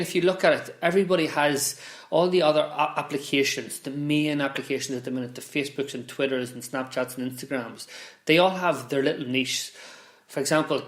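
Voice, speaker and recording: A man, a business founder, talking casually to camera and explaining marketing, with frequent restarts and repeated words. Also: mid-range voice. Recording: roomy echoey room.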